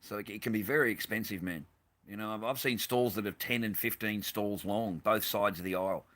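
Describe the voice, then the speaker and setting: A man's voice: lowish voice, a little fast, a bit bright. An Australian man hosting a casual livestream, rambling and swearing bluntly as he answers his live chat. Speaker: livestream host.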